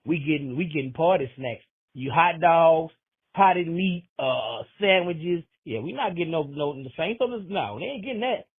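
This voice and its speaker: Joking New caller on a tinny phone line. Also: male voice, a little high, lively intonation, moderate pace, husky. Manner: rambling, joking, slangy. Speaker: voicemail caller. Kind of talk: casual phone message.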